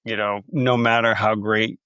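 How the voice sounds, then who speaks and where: A middle-aged man hosting a podcast, chatting in a halting, conversational way. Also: lowish voice, flat delivery, bright, forceful tone, smooth, no room sound, highs cut off. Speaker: podcast host. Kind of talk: casual interview chat.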